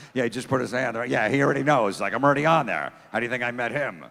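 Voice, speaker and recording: A man doing a crude, deadpan stand-up comedy set, riffing with the crowd from a theater stage. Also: medium pitch, fairly quick, gravelly. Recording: long theater reverb.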